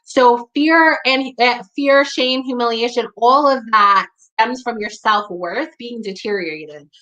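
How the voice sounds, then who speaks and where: Bright-voiced outspoken New York woman. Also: a little high, a little slow, low-quality recording. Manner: blunt and emphatic, heavy use of "like", swears when riled. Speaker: community talk host. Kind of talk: candid monologue to camera.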